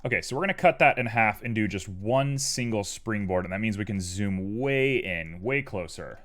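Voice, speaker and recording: A man with a low-pitched voice that swings widely up and down as he talks. He chats casually and goofily with his viewers while working on his art, joking around as he goes. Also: expressive, normal speed, fairly bright tone. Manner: playful and goofy, chatting with viewers. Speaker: live streamer doing 3D art.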